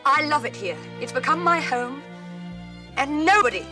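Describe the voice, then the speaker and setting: A woman's voice: high-pitched, expressive, moderate pace, recorded from a distance. An actress playing a stubborn woman defending her plantation home, speaking earnestly in a film clip. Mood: determined. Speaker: film character. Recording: film clip from afar with music.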